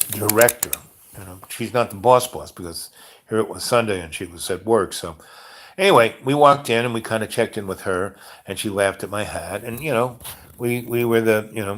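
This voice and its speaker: A man rambling through a casual story on a livestream, full of restarts and filler phrases. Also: fairly low pitch. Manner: meandering, full of "you know" and restarts. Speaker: livestream host.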